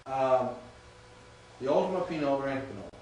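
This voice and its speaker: A man's voice: medium pitch, expressive, fairly quick, darkish tone, slight background noise. A man teaching a class on Greek, explaining rules step by step and quizzing his students. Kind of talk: classroom lecture. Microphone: far from the mic. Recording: very echoey distant classroom recording.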